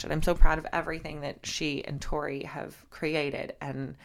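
A woman's voice: low voice, little pitch movement, moderate pace, gravelly, hardly any pauses. A young woman hosting a casual solo podcast, heartfelt and gushing, teary and close to crying, with lots of repeated words and fillers. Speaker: podcast host and fitness instructor.

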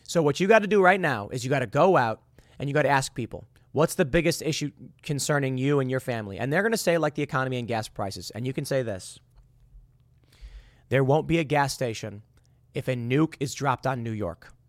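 A man giving sarcastic political commentary, mocking and animated, who jumps between loud outbursts and quiet asides. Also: mid-range voice, a little fast, no echo, clean studio sound.

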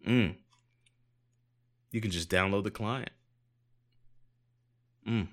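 A man's voice: lowish voice, slow pace, long pauses. Sarcastic man reading crypto news aloud. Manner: sarcastic, swears casually, reads articles aloud with jokey asides. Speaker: podcast co-host.

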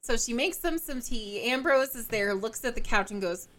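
Woman podcast co-host, bright forceful voice, chatty storytelling recap with laughs. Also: on the high side, normal speed. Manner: animated storytelling with frequent laughs and filler "like". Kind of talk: casual book-club chat.

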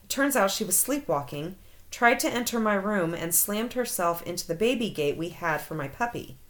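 A woman's voice: mid-range voice, lively intonation, moderate pace. A woman co-hosting a casual chat, telling stories and reacting with frequent exclamations. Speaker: podcast co-host.

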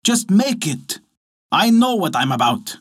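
A man voicing a poor, excitable old peasant woman in a folk tale, with shrill, excited cries. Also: a little slow, slightly rough, heavily acted. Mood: insistent.

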